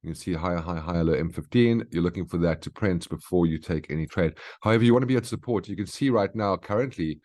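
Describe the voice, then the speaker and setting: Man, very low voice, trading chart walkthrough, keeps asking okay. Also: fast, hardly any pauses, darkish tone. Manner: instructive, frequent "okay?" check-ins. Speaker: market analyst host.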